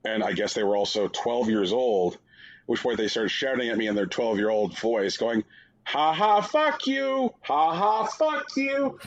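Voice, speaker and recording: A man's voice: mid-range voice, husky. A man co-hosting a podcast, telling long sarcastic stories in casual chat, full of fillers. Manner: rambling, sarcastic storytelling with many fillers. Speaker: podcast co-host. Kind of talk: casual chat reviewing games. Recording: dull lo-fi sound.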